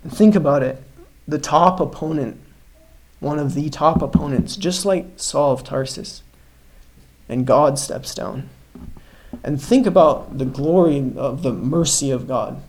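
A man's voice: on the high side, a little slow, low-quality recording. A man preaching a sermon, telling a story earnestly and emphatically, calling his listeners brothers and sisters. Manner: earnest, emphatic storytelling, swings between loud stresses and hushed lines.

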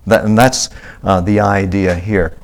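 Guy preaching a bible sermon, lowish voice, chatty and halting. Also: fairly even intonation. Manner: conversational, with many restarts and filler. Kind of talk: church sermon, Bible teaching.

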